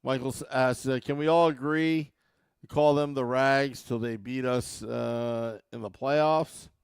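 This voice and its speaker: A man's voice: medium pitch, unhurried, gravelly, clean tone, no echo, studio quality. A man hosting a sports podcast, talking casually and animatedly to his listeners. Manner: animated, mocks fans with a put-on accent. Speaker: podcast host.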